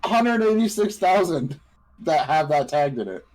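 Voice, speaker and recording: A man co-hosting a podcast, giggling his way through crude, casual banter. His voice runs slightly high and swings around lively, and he often reads things out in a run. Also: a little slow, rough recording. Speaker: podcast co-host.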